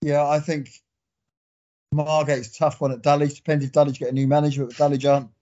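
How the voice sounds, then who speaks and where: Rambling podcast co-host, muffled audio. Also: male voice, a little high, little pitch movement, fairly quick, dark tone. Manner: rambling, many fillers and restarts. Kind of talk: casual sports chat.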